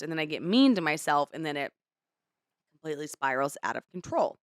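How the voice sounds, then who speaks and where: A woman's voice: sits low, big pitch swings, fairly quick, no echo, studio quality. A young adult woman co-hosting a podcast in casual chat, candid and rambling as she opens up. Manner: candid, rambling, emotional retelling. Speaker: podcast co-host.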